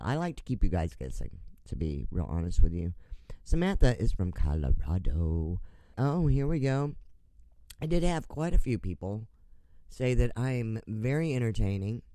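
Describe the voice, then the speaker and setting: A man's voice: fairly low pitch, warm tone, no echo. A man hosting a casual radio show, rambling, swearing freely and laughing at himself while he reads out listener messages. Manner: drinks on air. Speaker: online radio show host.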